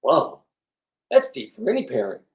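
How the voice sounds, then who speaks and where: A man's voice: fairly high pitch, huge pitch swings, normal speed, gravelly. A middle-aged man in a rambling, blunt vlog monologue, swearing often and restarting his sentences. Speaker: vlogger. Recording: echoey room, distant from the mic.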